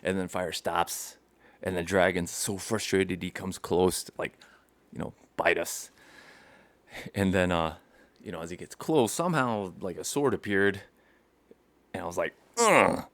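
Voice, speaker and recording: Young male vlogger, deep gravelly voice, dry close sound, animated rambling storyteller. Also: measured pace, long pauses, dry recording. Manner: rambling, animated, laughs often, acts out scenes. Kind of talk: casual storytelling to camera.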